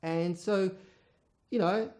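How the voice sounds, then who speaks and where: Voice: mid-range voice, steady tone, takes it slowly, warm tone. A speaker telling a wry, rambling story in a casual monologue, full of fillers and restarts.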